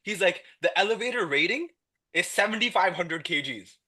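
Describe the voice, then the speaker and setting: A young man with a beard telling stories in a casual podcast chat, excitable, swearing and acting out quoted lines. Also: high-pitched, moderate pace, background noise. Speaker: podcast guest.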